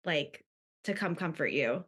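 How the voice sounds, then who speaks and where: A woman's voice: low-pitched, animated, a little slow, fairly bright tone, breathy edge. A woman guest on a podcast in casual chat, rambling through stories with many fillers.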